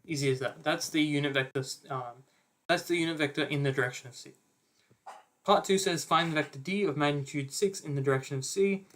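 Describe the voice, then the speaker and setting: A young man with a slightly high voice runs an online maths revision lecture. He works through problems step by step in a relaxed, casual way. He stops often for fillers and quick self-corrections. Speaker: maths tutor.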